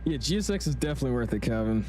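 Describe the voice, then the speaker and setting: A young man gives laid-back, slangy commentary on his flight simulator live stream, chatting with viewers and reading chat aloud. His mid-range voice races along over crowd noise.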